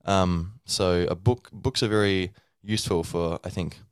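A man with a low, deep voice talks in a loose, unscripted way, full of fillers and restarts. He explains things casually, as a podcast host would. The recording is dry and close, with no room sound. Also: fairly even intonation, unhurried, clear, resonant tone, dry recording. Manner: rambling, with many fillers and restarts; acts out a learner's inner thoughts. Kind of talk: casual teaching monologue.

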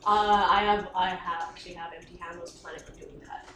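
A woman's voice: on the low side, fairly even intonation, fast talker, sharp tone. A woman playing in a tabletop game, chatting casually with laughing asides. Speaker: player. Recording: roomy room, distant mic, crowd noise.

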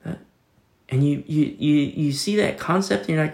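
Gravelly-voiced male preacher, casual. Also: a little high, normal speed, a little mellow, echoey room. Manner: casual, conversational preaching with fillers. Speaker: pastor. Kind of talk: sermon.

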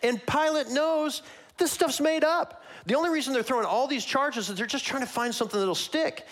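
A man preaching a sermon, walking through a Bible passage verse by verse in a conversational, animated way that acts out the characters. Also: extremely high pitch, moderate pace.

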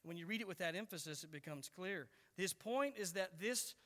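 A man's voice: high voice, expressive, normal speed, fairly bright tone, big-room sound. A man preaching an expository sermon in an earnest, explaining way, leaning hard on key words.

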